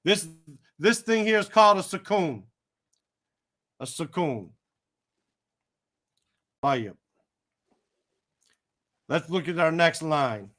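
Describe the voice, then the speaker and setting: Male tutor, higher voice, unhurried, patient and encouraging. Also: animated, fairly bright tone. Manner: patient, encouraging, slow and careful. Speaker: Arabic teacher. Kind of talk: one-on-one tutoring lesson.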